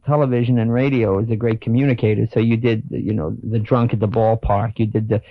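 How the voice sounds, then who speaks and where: A man in his thirties, a comedian guest, telling animated stories in casual radio chat and laughing through his words. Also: lowish voice, fairly quick, no room sound, phone-quality sound. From United States.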